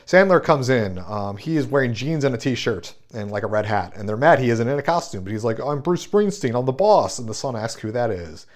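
A man's voice: medium pitch, animated, a little fast, hardly any pauses. A man co-hosting a casual podcast, dryly recapping a movie plot and trailing off with fillers. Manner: dry, trailing off, many fillers.

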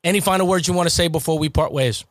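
A man's voice: a little high, very fast, dry recording, clean studio sound. Appreciative man hosting a podcast. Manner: warm, appreciative, gives shout-outs. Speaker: podcast host. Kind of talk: podcast interview.

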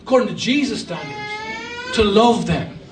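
A man's voice: high-pitched, lively intonation, normal speed, reverberant, far from the mic, noisy background. A man preaching a sermon as a guest pastor, emphatic with humorous asides. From Ireland. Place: church hall.

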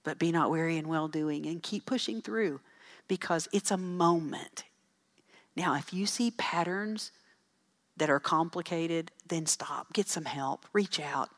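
A middle-aged woman speaking to a church audience, telling folksy, animated stories with asides about parenting. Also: low-pitched, measured pace. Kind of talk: storytelling talk to an audience.

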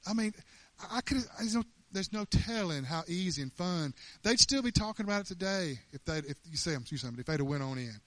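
High-voiced man preaching a lively sermon. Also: fast talker, no echo. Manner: animated, emphatic, laughing often.

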